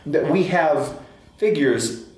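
A man in casual chat who tells stories in an animated way, stammering and restarting his sentences often. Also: a little high, slow pace. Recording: echoey room, faint background noise.

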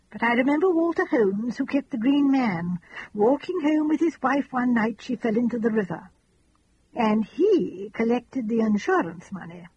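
A woman reading an audiobook, voicing a gentle, fussy elderly spinster who talks in a chatty, earnest, rambling, old-fashioned way. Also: a little high, highs cut off, slight background noise.

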